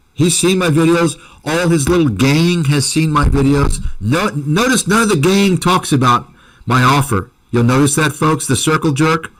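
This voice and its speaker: A man's voice: mid-range voice, a bit bright, low-quality recording. A man hosting a commentary channel, delivering a combative, accusatory rant to his viewers that is full of repeated insults.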